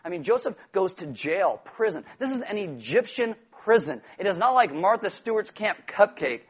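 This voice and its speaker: A man preaching a sermon in an animated, joking way, acting out quoted voices. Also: high voice, moderate pace, breathy edge. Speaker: pastor.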